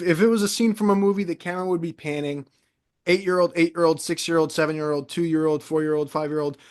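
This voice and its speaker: A man in his twenties from New York, telling stories in casual podcast chat, animated and rambling, with many fillers and restarts. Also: a little high. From New York, USA. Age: 20s. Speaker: podcast co-host.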